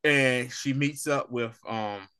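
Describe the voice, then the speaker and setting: Animated man retelling a TV episode. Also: medium pitch, slow pace, clear, resonant tone, dry recording, clean studio sound. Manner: animated, slangy retelling full of "she was like"; laughs often while talking. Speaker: TV show reviewer. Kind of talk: casual spoiler-review chat.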